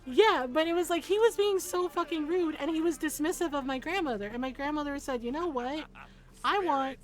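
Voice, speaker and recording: Animated woman telling stories on a stream. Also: high-pitched, a little fast, soft background music, poor audio. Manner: animated, laughs often, keeps asking "right?". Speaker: game streamer. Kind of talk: casual storytelling chat.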